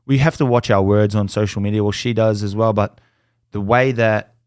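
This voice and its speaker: A young Australian man, appearing as a podcast guest, tells stories in a casual chat, swearing freely and acting out other people's lines with animation. His voice is lowish, clear and resonant, at a normal speed, captured in a dry, clean studio recording.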